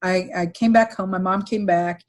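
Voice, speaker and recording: A middle-aged woman recounting a painful family story on a podcast, with halting restarts and fillers, sometimes quoting others in livelier voices. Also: fairly low pitch, steady tone. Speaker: podcast guest, executive recruiter. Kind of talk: emotional personal storytelling.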